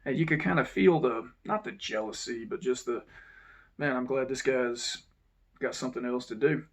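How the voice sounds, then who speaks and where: A man, telling a personal story to his channel's viewers in an unhurried, reflective way that sometimes drops to a low mutter. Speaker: channel host. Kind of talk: casual storytelling monologue.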